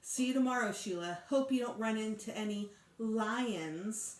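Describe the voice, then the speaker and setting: A woman voicing a calm, earnest young girl who asks probing questions in a storybook. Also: a little high, unhurried, natural voice. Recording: echoey room.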